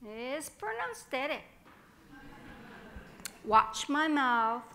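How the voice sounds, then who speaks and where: A woman's voice: high-pitched, measured pace, pushed and bright, a little hiss or hum, full character voice. Woman playing chatty little Mexican-American girl. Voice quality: childlike, chatty, with Spanish phrases mixed in. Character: spirited little Mexican-American girl starting first grade. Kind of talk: one-woman theatre monologue.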